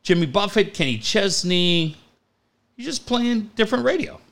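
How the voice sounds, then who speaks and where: A man's voice: sits high, lively intonation, normal speed, vocal fry, a bit bright. A middle-aged man co-hosting a podcast in casual, profane banter, joking and acting out quoted lines. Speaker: podcast co-host.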